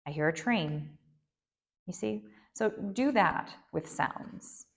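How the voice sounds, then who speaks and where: Slow, gravelly-voiced woman guiding meditation. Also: lowish voice, lively intonation. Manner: gentle, unhurried, with frequent fillers and soft asides. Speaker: yoga nidra meditation guide. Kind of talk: guided meditation instruction.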